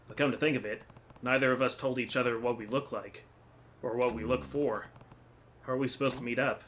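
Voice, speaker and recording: A man doing a gruff stoic tough guy. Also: medium pitch, fairly even intonation, a little fast, a bit bright, a little hiss or hum, lightly acted. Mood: deadpan.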